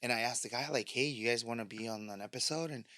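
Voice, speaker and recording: A man's voice: medium pitch, fast, sharp tone, no room sound, clean studio sound. A man in a casual interview, telling stories as a guest and acting out the lines of people in them. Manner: storytelling, acts out quoted dialogue. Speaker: podcast guest and media host.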